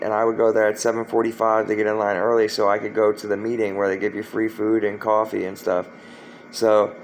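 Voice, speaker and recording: A man's voice: lowish voice, a little hiss or hum, low-quality recording. A man from Florida telling a story from his past in a rambling, profane way, full of fillers and restarts. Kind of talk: casual spoken storytelling.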